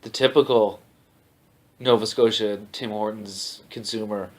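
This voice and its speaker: A man's voice: lowish voice, steady tone, a little slow. A man from Canada co-hosting a casual podcast, riffing with crude jokes. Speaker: podcast co-host.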